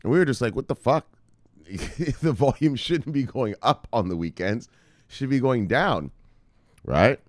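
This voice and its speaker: A man hosting a casual crypto market news show, excitable and profane, laughing as he talks. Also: medium pitch, moderate pace, no echo, studio quality.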